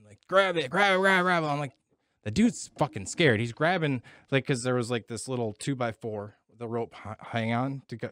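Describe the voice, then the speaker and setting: A man's voice: medium pitch, dry recording, studio quality. Profane man telling a story. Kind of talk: casual chat.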